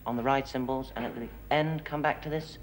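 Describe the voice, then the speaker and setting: A man's voice: medium pitch, steady tone, fairly quick, slight background noise. A man, a jazz drummer, talking through ideas at a band rehearsal and humming rhythms to show them. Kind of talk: rehearsal discussion.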